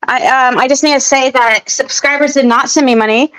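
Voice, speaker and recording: A woman's voice: high voice, fairly even intonation, brisk, a bit bright, rough recording. A woman who is a guest on a livestream, speaking in an upset and defensive way and often repeating herself and restarting. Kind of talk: casual livestream chat.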